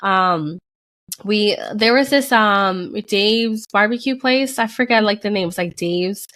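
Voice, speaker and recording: A woman's voice: mid-range voice, a little slow, fairly bright tone, dry recording. A young woman co-hosting a podcast, telling a personal story in casual chat and acting out the people she quotes with big jumps in her voice. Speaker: podcast co-host.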